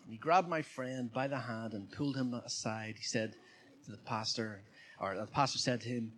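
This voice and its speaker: A man's voice: medium pitch, moderate pace, a bit bright, a little hiss or hum. A man preaching a sermon in church in a conversational way, often putting questions to the congregation. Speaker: pastor.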